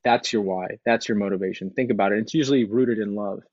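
A man with a lowish voice gives an earnest motivational talk, leaning on repetition to drive his points home. The sound is dry and a little dull, with no room around it. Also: fast, darkish tone, no echo. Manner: earnest, conversational, repeats phrases for emphasis. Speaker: speaker sharing recovery story.

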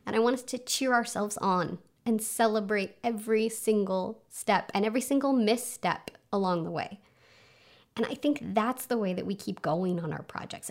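A woman's voice: mid-range voice, creaky. Chatty woman rambling through her home podcast, lots of "like"s, laughs at herself. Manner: chatty, lots of fillers and self-mocking laughs. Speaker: podcast host. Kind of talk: casual solo podcast monologue. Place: home under a flight path, planes overhead.

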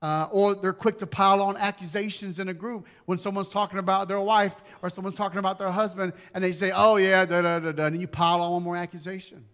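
A man's voice: high-pitched, fairly bright tone, long reverb tail. A man pastor preaching a sermon in a church sanctuary, talking conversationally and repeating key phrases.

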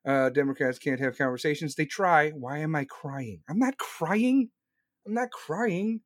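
A man on a live stream ranting loudly and sarcastically about politics, mocking the other side in put-on voices. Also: on the high side, a little slow, no room sound, clean studio sound.

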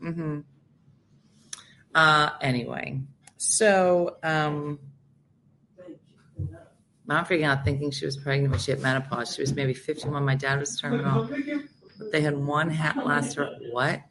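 Woman, middle-aged, morning show host, low voice, chatty, joking asides, casual. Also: steady tone, unhurried, long pauses, a bit bright, a little hiss or hum. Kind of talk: casual chat.

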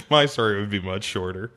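Deep-voiced playful male podcast co-host. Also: background noise. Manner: laughing, playful. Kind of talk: casual chat, recapping a TV show.

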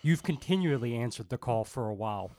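A man's voice: mid-range voice, animated, brisk, mellow, no echo. A man from Baltimore hosts a podcast conversation with a mid-range voice. He is chatty and reminisces easily. His voice is recorded close and dry. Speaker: podcast host. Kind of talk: casual interview chat.

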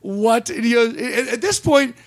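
A man's voice: extremely high pitch, normal speed, no echo, clean studio sound. A male comedian hosting a podcast, telling a story and acting out the people in it. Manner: animated storyteller, acts out quotes.

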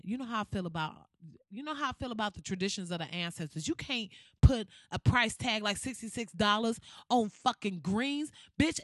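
A woman's voice: sits high, sharp tone, no echo, studio quality. A woman ranting in exasperated, profane comic style with rhetorical questions. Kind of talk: comedic rant.

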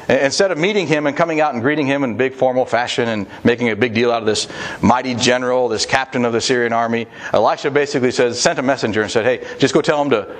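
A man preaching a sermon to fathers, earnest and plain-spoken, acting out quoted prayers as he teaches. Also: mid-range voice.

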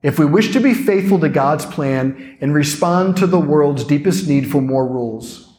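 Animated priest giving a keynote. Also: male voice, a little high, moderate pace, slight background noise. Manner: animated, conversational, playful asides. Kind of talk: keynote talk.

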